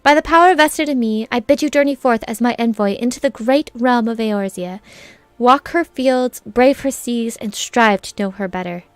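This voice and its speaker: A solemn, gracious elder leader of a forest city, read aloud by a woman in a game playthrough. The delivery is formal and measured, with a voice sitting a little high. It sounds close and dry. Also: no room sound, lightly acted. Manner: formal, stately reading with stumbles.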